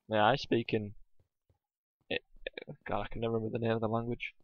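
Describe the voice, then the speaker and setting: A man's voice: fairly low pitch, monotone, a little fast, long pauses. A man co-hosting a let's play, bantering casually and laughing often at his own jokes. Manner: jokey, laughs often, plays with silly voices. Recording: dull lo-fi sound with faint music.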